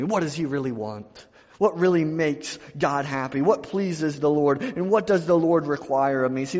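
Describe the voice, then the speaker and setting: Man, pastor, sermon, repetitive emphatic preaching, long echoing hall. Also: fairly high pitch. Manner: preaching with repeated phrases and rising emphasis. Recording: dull sound with long hall reverb.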